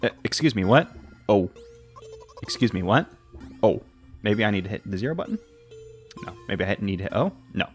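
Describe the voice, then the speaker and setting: A young man reading a text game aloud with playful commentary, jumping between squeaky high and low reading voices. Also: animated, brisk, long pauses, soft background music.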